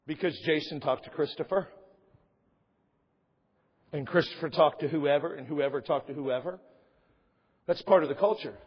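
Husky high-voiced preaching man. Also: normal speed, long pauses, in a large hall, highs cut off. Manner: impassioned preaching with rising emphasis. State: losing his voice. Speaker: pastor. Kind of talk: sermon. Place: church sanctuary.

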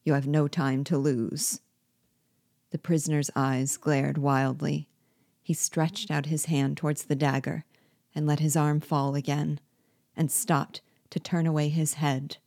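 Woman, low voice, reading a classic novel aloud, steady, expressive, dry close sound. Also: a little slow, vocal fry, no room sound. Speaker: reader and teacher.

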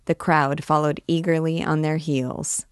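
A woman reading a classic novel aloud in a measured, expressive way as a guide to the book. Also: sits low, clear, resonant tone, no echo, clean studio sound.

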